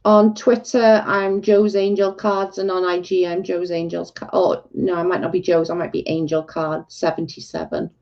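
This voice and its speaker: A woman's voice: lowish voice, little pitch movement, moderate pace, gravelly, few pauses. A woman hosting a casual livestream, ranting in exasperation and saying "like" a lot. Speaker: livestream host. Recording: dull lo-fi stream audio.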